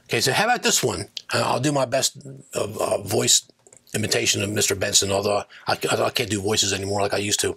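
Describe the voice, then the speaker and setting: A man's voice: on the low side, quick pace, vocal fry, pushed and bright, husky. A man hosting his own political commentary channel, talking in a combative, digressive rant that keeps circling back on itself. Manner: combative, digressive, self-correcting.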